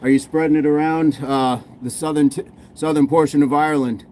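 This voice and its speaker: A man's voice: a little high, fairly even intonation, brisk, darkish tone, a little hiss or hum. An American man hosting a fitness livestream, casually reading and answering viewer comments between workout sets. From United States. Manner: laid-back, answers chat questions while working out.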